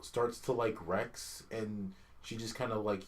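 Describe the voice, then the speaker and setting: A man's voice: lowish voice, fairly even intonation, measured pace. A young man casually chatting on a podcast, ranting with profanity and exasperation and doing mocking impressions of characters. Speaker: podcast co-host. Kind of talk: casual chat.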